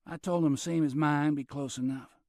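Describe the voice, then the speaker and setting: A man putting on a breezy, high-voiced schemer. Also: steady tone, normal speed, a little mellow, no room sound, studio quality, lightly acted.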